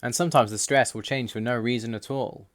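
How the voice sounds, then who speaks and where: A man giving a scripted voice-over explanation, reading out word lists slowly and in a measured way. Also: medium pitch, steady tone, no echo, clean studio sound. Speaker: language learner explaining Russian.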